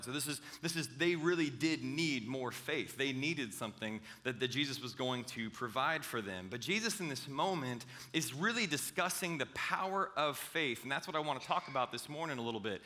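A male pastor giving a conversational sermon, acting out quoted dialogue with lively, animated delivery. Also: mid-range voice, brisk, few pauses.

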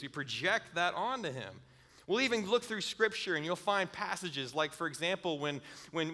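Bright-voiced middle-aged male preacher. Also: high-pitched. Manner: earnest, with frequent word repeats and chuckles. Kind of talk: sermon.

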